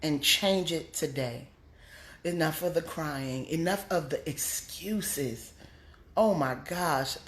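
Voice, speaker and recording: A woman comedian giving a blunt, scolding motivational talk, pushing her voice up high to drive points home. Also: slow pace, roomy sound. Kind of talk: preachy motivational monologue.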